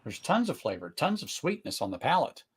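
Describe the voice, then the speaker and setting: A middle-aged man hosting a live whisky tasting, talking casually, searching for words, then bursting into excited exclamations. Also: fairly high pitch, fairly quick, breathy edge. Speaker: whisky tasting livestream host.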